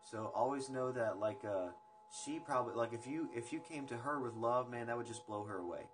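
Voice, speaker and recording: With music in the background and some noise around him, a young man runs a casual phone livestream from inside his home. His medium-pitched voice moves fairly quickly as he chats loosely with viewers, wanders between topics and swears once in a while.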